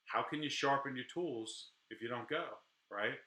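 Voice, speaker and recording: A middle-aged defense attorney talks straight to the camera, candid and animated, often stumbling and restarting his sentences. His voice is sharp and bright. The sound carries a noticeable room echo. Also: medium pitch, moderate pace. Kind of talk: casual talk to camera.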